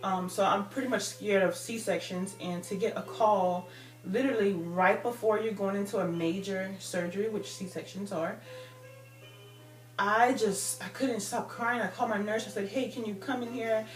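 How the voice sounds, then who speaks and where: A woman's voice: medium pitch, fairly even intonation, normal speed, recorded from a distance. A woman in her thirties telling a personal story in a rambling casual way, full of fillers. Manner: rambling, many "like" and "you know" fillers. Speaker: vlogger. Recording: roomy, off-mic with faint music.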